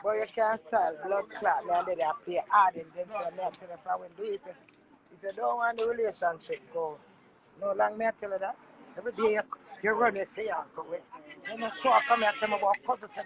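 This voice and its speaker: A woman's voice: on the high side, a little fast, vocal fry, fairly bright tone, rough recording. A young Jamaican woman vlogger ranting in an angry, accusing way, swearing often. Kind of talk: heated rant.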